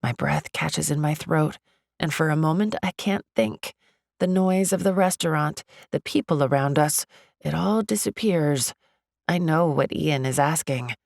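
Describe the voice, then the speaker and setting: Female narrator for a first-person romance audiobook, low and gravelly, close dry studio sound, expressive and chatty. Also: a little slow, no room sound. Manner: expressive, chatty, lively inner monologue.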